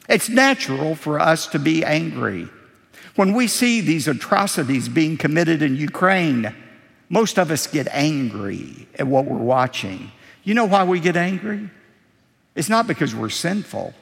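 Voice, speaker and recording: Emphatic preaching man, lively gravelly voice. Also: long reverb tail. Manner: emphatic preaching, rising for stress and dropping low for asides. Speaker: pastor. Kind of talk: sermon.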